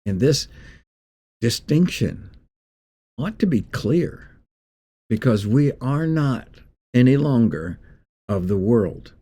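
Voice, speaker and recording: A man giving a folksy, conversational devotional talk as a pastor. He pauses and restarts as he speaks. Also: medium pitch, lively intonation, warm tone. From Northeast Indiana.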